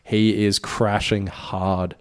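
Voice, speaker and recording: Co-hosting a radio show, a man banters casually in a dry, teasing manner into a studio mic while wearing headphones. He speaks slowly with a flat delivery, and his voice is on the low side and smooth.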